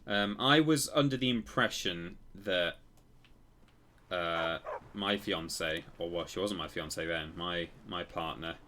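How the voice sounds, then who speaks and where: A man's voice: sits low, unhurried, pushed and bright, slight background noise. A man casually commenting while he plays a game on a live stream, rambling and correcting himself as he tells stories. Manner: rambling, self-correcting storyteller.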